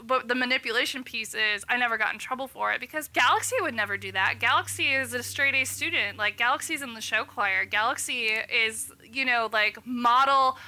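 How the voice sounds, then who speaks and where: A woman's voice: on the high side, fairly quick, few pauses, bright, forceful tone. A woman in her thirties, a physician, chatting casually and acting out quotes as she tells a story. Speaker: physician guest. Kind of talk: casual podcast chat.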